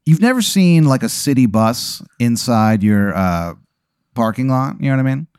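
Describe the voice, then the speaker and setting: A man's voice: medium pitch, lively intonation, moderate pace, a little mellow, clear, resonant tone, no room sound, clean studio sound. A man hosting a podcast, improvising a rambling comedic story with many fillers and restarts. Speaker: podcast host.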